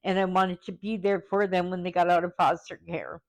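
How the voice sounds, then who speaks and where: A woman vlogger talking candidly and hesitantly, pausing often and close to tears. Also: on the low side, flat delivery. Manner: halting and hesitant, many pauses; openly vulnerable, close to tears. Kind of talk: candid personal vlog.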